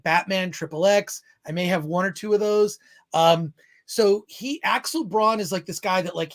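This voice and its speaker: A man's voice: sits high, a bit bright. A man hosting a live-stream film podcast, rambling and joking as he reads chat comments aloud. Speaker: podcast host.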